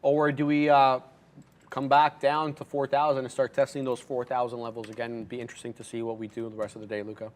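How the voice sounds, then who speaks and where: A man's voice: medium pitch, flat delivery, fast talker, darkish tone. A man co-hosting a live day-trading stream in a studio, calling his trades and talking to the chat. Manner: upbeat, talks to chat. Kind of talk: casual live market commentary.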